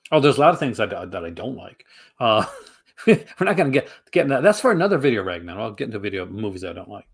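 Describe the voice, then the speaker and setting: A man's voice: lowish voice, sing-song, quick pace, gravelly, slightly rough. Male livestream host, casual and rambling, answering his chat. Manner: rambling, many fillers and restarts.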